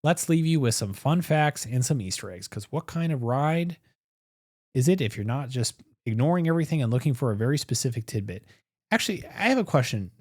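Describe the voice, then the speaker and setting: Animated man with a lively voice. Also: medium pitch, a little fast, no room sound, clean studio sound. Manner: chatty, explains park details step by step. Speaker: podcast co-host. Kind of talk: casual chat.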